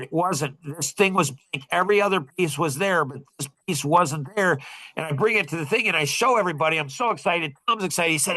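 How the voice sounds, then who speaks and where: Hosting a relaxed chat among a group, this man tells vivid, energetic stories, and his pitch leaps upward when he gets worked up.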